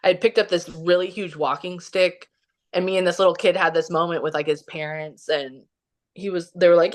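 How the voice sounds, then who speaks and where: A woman's voice: on the low side, fairly even intonation, a little fast. A woman from Kansas City, Missouri, talking as a podcast guest and telling a personal story in a casual, chatty way, full of "like" and acted-out quotes. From Kansas City, Missouri, USA. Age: young adult or middle-aged, has a son. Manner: chatty, heavy use of "like", acts out quotes.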